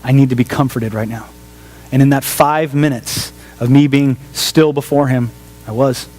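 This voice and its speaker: A man, a pastor, preaching a sermon in an animated storytelling way, repeating phrases for emphasis. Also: mid-range voice, moderate pace, rough recording. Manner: animated storyteller, acts out voices of family and friends.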